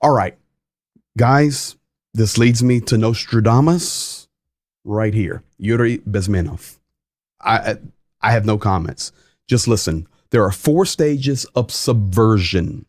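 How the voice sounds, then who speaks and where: Male livestream host, unhurried and emphatic, reads out comments, dry close mic. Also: on the low side, no room sound. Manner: reads viewer comments aloud, chatty and emphatic.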